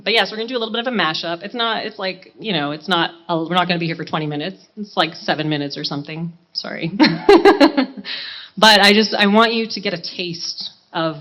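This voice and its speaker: A woman in her thirties, a singer talking to a live audience between songs, gushing and laughing at herself in chatty banter. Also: on the low side. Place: live charity event stage. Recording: dull, muffled live recording.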